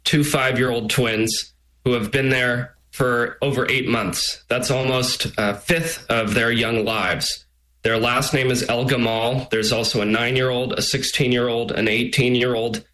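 Forceful bright-voiced man arguing a point. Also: medium pitch, poor audio. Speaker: immigration attorney guest. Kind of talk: news interview remarks.

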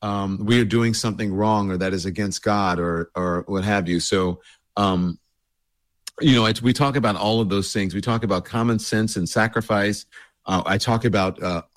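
Man, low voice, scratchy throat, rambling casual host talk, dry close sound. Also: moderate pace, no echo. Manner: loose and rambling, many fillers. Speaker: show host. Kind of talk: casual address to a livestream audience.

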